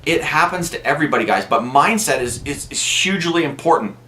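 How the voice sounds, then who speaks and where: A man's voice: a little high, animated, fairly quick, noisy background. A man talking casually to camera as a golf instructor and vlogger, telling stories in a chatty way and often restarting his sentences. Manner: chatty storytelling, frequent restarts. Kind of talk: casual direct-to-camera talk.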